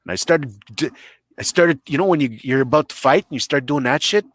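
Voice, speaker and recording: With a fairly high, slightly bright voice and a pace a little on the fast side, a man appears as a podcast guest. He tells crude comic stories in a boisterous, blunt, self-mocking way, acting out voices and swearing frequently. There's no echo.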